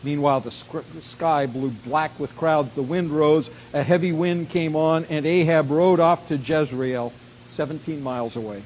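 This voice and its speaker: A man preaching a sermon, reading scripture dramatically, slowing down and rising in volume on key lines, then dropping to a quiet, intimate tone. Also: a little high, fairly even intonation, a little hiss or hum, low-quality recording. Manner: dramatic, slows and rises to a shout on key lines. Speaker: pastor.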